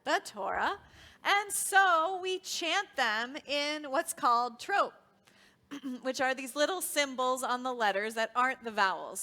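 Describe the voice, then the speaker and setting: A woman whose voice is on the high side with a sharp tone leads children's worship in a synagogue sanctuary. She teaches the kids as a song leader, quizzing them in a cheerful way.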